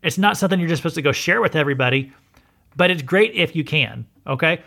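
A man delivers a relaxed, sermon-style Bible lesson, his voice sitting a little high. He talks to listeners directly and often stops to check they are following. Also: fast, vocal fry. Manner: conversational, frequent "okay?" check-ins. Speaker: pastor and podcast host.

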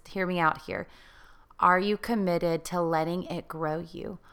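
Woman, divorce-healing coach, self-help talk, earnest, questioning, smooth clear voice. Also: fairly low pitch, fairly bright tone. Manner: earnest, coaxing, asks many questions.

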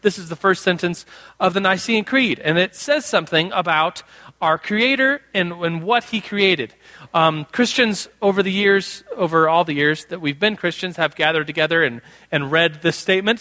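Bright, high-voiced playful preacher man. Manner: playful, jokey teaching with a casual tone. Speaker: pastor teaching a congregation. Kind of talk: conversational sermon. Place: in front of a live group in a room.

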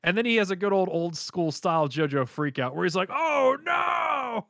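A man co-hosting a casual chat, animated and laughing often as he acts out characters' lines. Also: on the high side, fast talker, no room sound, clean studio sound. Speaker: podcast co-host reacting to an anime episode.

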